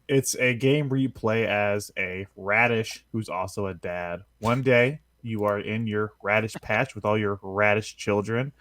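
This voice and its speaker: A man's voice: lowish voice, fairly bright tone, dry recording. A man chatting casually on a gaming podcast, reviewing a game with lots of fillers and chuckles. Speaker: podcast co-host.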